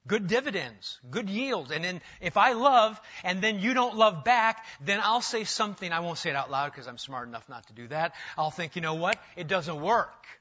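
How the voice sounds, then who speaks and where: A middle-aged man preaching a sermon, emphatic, rising loud and then dropping to a hush. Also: high voice, normal speed, few pauses. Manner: emphatic, swings between loud and hushed. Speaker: pastor. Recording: dull lo-fi sound.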